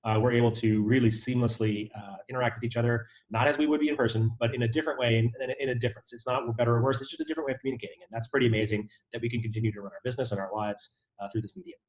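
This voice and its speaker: Man, co-host, casual chat, very fast delivery, relaxed. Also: medium pitch.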